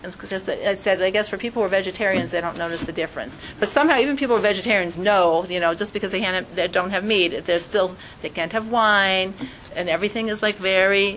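A woman teaching an informal Torah class, lively, acting out quoted voices in a sudden high pitch. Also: slight background noise, poor audio.

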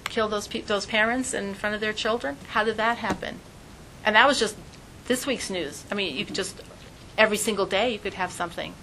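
Animated woman giving a spiritual talk. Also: mid-range voice, a little fast, a little hiss or hum, rough recording. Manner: animated storytelling, frequent "like". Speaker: religious teacher.

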